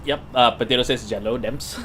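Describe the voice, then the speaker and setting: A man's voice: mid-range voice, moderate pace, fairly bright tone, slight background noise. A man hosting a casual card game livestream, chatty, with many fillers and restarts. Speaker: livestream host.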